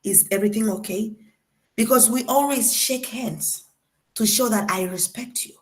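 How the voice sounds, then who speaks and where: A young woman from Tanzania giving a casual classroom lesson. She drills each word slowly and deliberately, and keeps a playful, chatty manner. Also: on the high side. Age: young adult. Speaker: guest lecturer.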